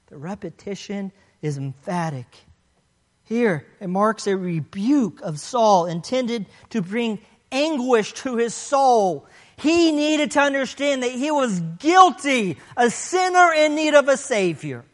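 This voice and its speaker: A pastor preaching a sermon and reading scripture aloud, swinging from loud declarations to hushed, low passages. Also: lively intonation, unhurried, long reverb tail. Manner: reads scripture aloud between points.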